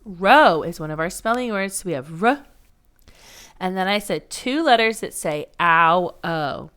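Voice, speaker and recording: A woman's voice: lowish voice, lively intonation, unhurried, a bit bright, smooth. A woman teaching a first grade phonics lesson, patiently sounding out letters and words for young children.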